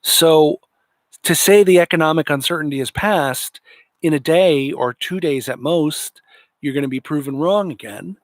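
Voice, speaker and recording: A man's voice: a little high, normal speed, dry recording. A man hosting a political commentary livestream, talking in an indignant, sarcastic way. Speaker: livestream host.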